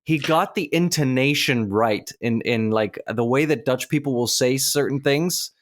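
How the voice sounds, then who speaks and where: Man calmly running a podcast quiz. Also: medium pitch. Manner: measured, methodical scorekeeping. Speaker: podcast co-host running a rating game. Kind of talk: casual chat.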